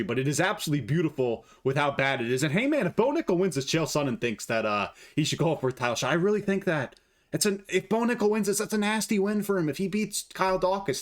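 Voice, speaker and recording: Blunt, profane male fight analyst. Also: mid-range voice. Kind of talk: casual fight-prediction commentary.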